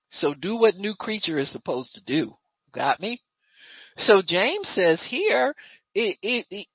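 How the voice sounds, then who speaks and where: Woman preacher, animated pitch, breathy edge, dull muffled recording. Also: no echo. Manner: lively, conversational preaching with rhetorical questions. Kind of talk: sermon.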